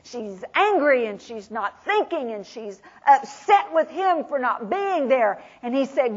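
A woman preaching a sermon, retelling scripture dramatically, swinging from loud proclamation to hushed whispers. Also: high-pitched, animated, a little slow, few pauses. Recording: dull lo-fi recording.

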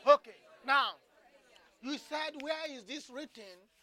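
Bright-voiced fervent preacher praying in tongues. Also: sits high, takes it slowly, a faint crowd. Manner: fervent, repetitive, bursts of loud tongues.

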